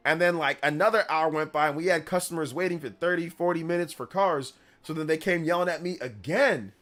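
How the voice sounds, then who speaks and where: A man's voice: on the high side, a little fast, few pauses. A man hosting a casual gaming livestream, telling rambling stories in slangy talk full of "bro" and "like". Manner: rambling storyteller, slangy, says "bro" and "like" often; grows loud and animated when telling a story. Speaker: gaming news streamer.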